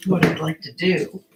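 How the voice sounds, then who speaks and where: Slow, rambling woman with hiccups. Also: lowish voice, gravelly, background noise. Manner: slow, chatty and rambling, laughing at herself. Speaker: artist. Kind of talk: casual craft tutorial.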